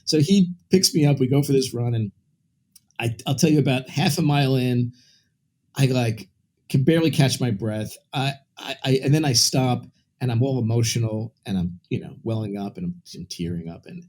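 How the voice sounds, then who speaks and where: A man's voice: medium pitch, moderate pace, darkish tone. A man from Brooklyn, a guest in an interview, telling a personal story in a candid, rambling way with many restarts and asides. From Brooklyn, New York.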